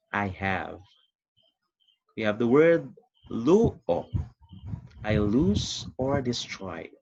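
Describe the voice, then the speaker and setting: A man teaching a recorded online lesson, speaking slowly and deliberately and asking listeners to repeat words after him. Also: mid-range voice, breathy edge, lo-fi sound. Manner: slow, deliberate teaching with call-and-repeat drills.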